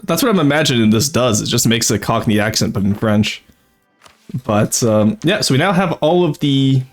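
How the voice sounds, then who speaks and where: Young male streamer, rambling casual game chatter, animated delivery. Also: mid-range voice. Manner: chatty, rambling, laughs often, talks to chat. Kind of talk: casual gameplay commentary.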